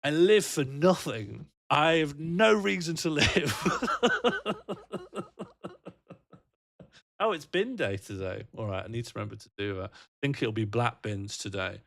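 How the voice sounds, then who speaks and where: A man's voice: medium pitch, lively intonation, unhurried, creaky, long pauses, a bit bright, no room sound, clean studio sound. A man rambling and joking on a casual livestream, answering his chat and laughing often.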